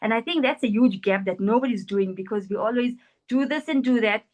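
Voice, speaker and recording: A woman's voice: fairly high pitch, a little fast, rough recording. A woman, a life coach, earnestly answering interview questions about parenting and acting out what parents and children say. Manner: earnest, animated, acts out quoted parents and children. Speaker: NLP practitioner and life coach.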